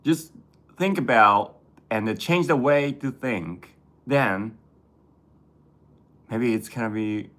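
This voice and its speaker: Male host, unhurried halting delivery, everyday conversational tone. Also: medium pitch, a bit bright. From Japan. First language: Japanese. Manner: halting, searching for words, frequent restarts. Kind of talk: casual conversation in English.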